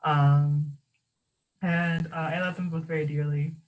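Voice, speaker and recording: A young adult panelist speaking in a halting, heartfelt way with many fillers, over a video call. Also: male voice, on the high side, flat delivery, slight background noise, low-quality recording. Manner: warm, halting, many fillers, gets emotional and laughs. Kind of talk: panel discussion.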